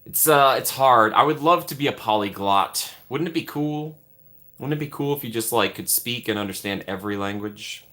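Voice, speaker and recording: Male streamer, casual chat host. Bright tone, very animated pitch, playful and upbeat with viewers. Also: moderate pace. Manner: upbeat and playful, greeting chatters by name with big swings in pitch. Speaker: livestream host.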